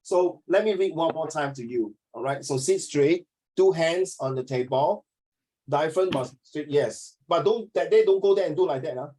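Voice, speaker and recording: A man coaching a student one-on-one for an oral exam, blunt and animated, mixing in Mandarin words. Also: a little high, moderate pace. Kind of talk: one-on-one tutoring.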